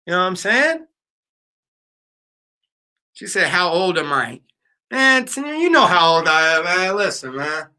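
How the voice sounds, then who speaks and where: Man, late 30s, livestream host; high, sharp voice, relaxed slangy storytelling. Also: a little slow, pauses often. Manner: loose, storytelling, lots of fillers and slang. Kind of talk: casual livestream chat with viewers.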